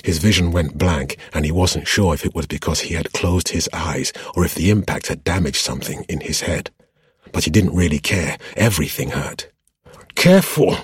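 A man narrating a fantasy novel as an audiobook in a steady, measured way. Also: very deep voice, husky, dry recording, clean studio sound.

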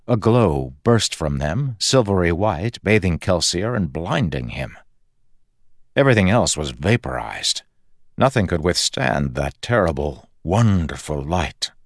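A male narrator with a very deep, low-set voice reads at an unhurried, measured pace, shaping each sentence with expressive, animated intonation. The recording is close and dry, with no room sound around him. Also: no echo. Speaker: audiobook narrator. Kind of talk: scripted narration.

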